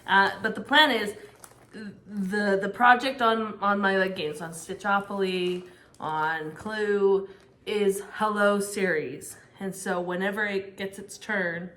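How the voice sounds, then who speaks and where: A woman's voice: medium pitch, fairly even intonation, takes it slowly, pushed and bright. A woman co-hosting a stitching show, chatting casually in a self-deprecating way and laughing at herself. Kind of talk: casual chat. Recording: echoey room, faint noise.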